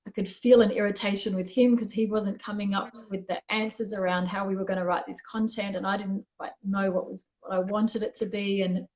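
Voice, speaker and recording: A woman's voice: medium pitch, fairly even intonation, brisk, hardly any pauses, a little mellow, poor audio. Candid woman telling a personal story. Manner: reflective, candid storytelling with frequent restarts. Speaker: guest. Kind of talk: conversational interview.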